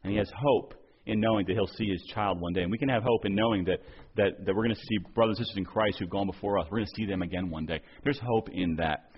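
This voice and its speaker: Husky low-voiced preacher man. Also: quick pace, few pauses, highs cut off. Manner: earnest, repeats and restarts words while preaching. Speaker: pastor. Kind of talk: sermon.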